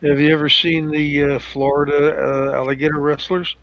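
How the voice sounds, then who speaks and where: A man explaining things in a measured, slightly hesitant way during a casual chat. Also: fairly high pitch, flat delivery, fairly bright tone, dry recording. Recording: dry, dull lo-fi mic.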